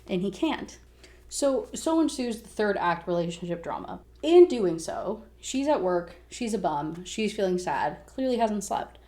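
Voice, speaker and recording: A young woman casually recapping a novel's plot, swearing freely and acting out the characters' lines as she goes. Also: mid-range voice. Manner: animated retelling with quick quoted dialogue; frequent "like" and profanity. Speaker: book reviewer. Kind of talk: casual spoiler recap rant.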